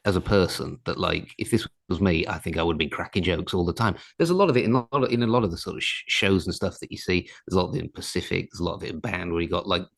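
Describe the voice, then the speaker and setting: A low-voiced man hosts a podcast with quick, gravelly banter. He jokes and teases his guest. The sound is dry. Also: expressive, fairly bright tone, no echo. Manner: joking, teasing. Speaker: podcast host. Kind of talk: casual banter.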